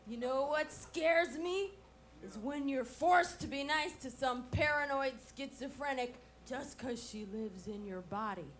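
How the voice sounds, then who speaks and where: A woman comedian performing a stand-up set with deadpan punchlines and bits of song, on a 1980s club recording. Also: sits high, unhurried, slight background noise. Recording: 1980s VHS club recording with music and crowd. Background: audience laughter and music.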